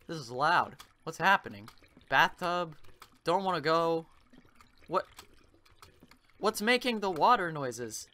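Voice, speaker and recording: A man's voice: a little high, animated, takes it slowly, pauses often, pushed and bright. A man playing a horror game and joking about it in a sarcastic, chatty way. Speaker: let's play host.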